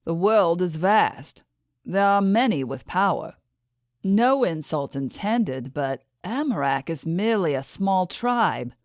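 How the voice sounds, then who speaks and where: A woman voicing a calm, skeptical young man who questions measuredly in an audiobook. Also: on the low side, slow pace, no room sound, clean studio sound.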